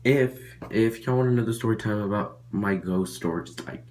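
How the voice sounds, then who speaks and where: A man's voice: on the low side, normal speed, a little mellow, slight background noise. A young man vlogging a casual story, rambling with lots of fillers and restarts.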